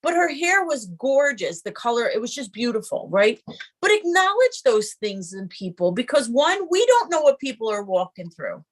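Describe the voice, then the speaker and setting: Woman, co-host, casual chat, earnest, encouraging, fairly high voice. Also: sing-song, normal speed. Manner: earnest, encouraging, advice-giving.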